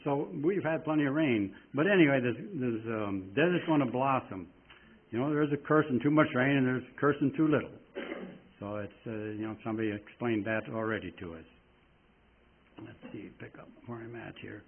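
A man preaching a sermon in a folksy, rambling way, reading scripture slowly with strong emphasis. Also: medium pitch, a little hiss or hum. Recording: tinny phone-like sound.

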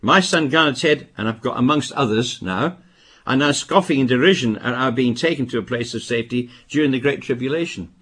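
An older man from Britain preaching a sermon, with emphatic bursts and quieter asides. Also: mid-range voice, fairly quick, breathy edge. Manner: emphatic, rising to stress warnings, then dropping to asides.

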